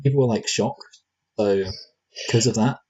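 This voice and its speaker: A man's voice: fairly low pitch, normal speed, darkish tone, husky, poor audio. A man co-hosting a casual film review podcast, rambling and joking with lots of fillers and restarts. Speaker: movie review podcast co-host.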